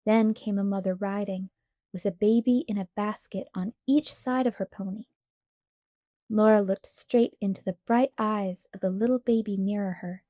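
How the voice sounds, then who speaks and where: Mellow woman reading a children's classic aloud. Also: medium pitch, no echo, clean studio sound. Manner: steady, measured reading. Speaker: audiobook reader. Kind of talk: storybook read-aloud narration.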